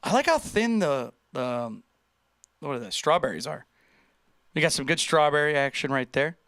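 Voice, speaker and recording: A man hosting a casual livestream, chatting in an animated way, joking and reading viewer comments aloud. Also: fairly high pitch, normal speed, creaky, clear, resonant tone, no room sound, studio quality. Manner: chatty, animated, reads chat aloud and jokes. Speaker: livestream host reacting to viewer posts.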